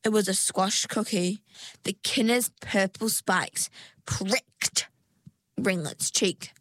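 Slow, dry-voiced woman reading a story. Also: medium pitch, a bit bright, dry recording. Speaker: narrator.

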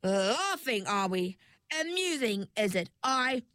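A cruel, gloating mermaid villain, as a woman puts her on for a storybook, stretching every word out in mock-sweet menace. Her voice sits a little higher than an everyday speaking voice and drags along slowly. It is recorded close and dry. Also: bright, forceful tone, no room sound, full character voice. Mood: taunting.

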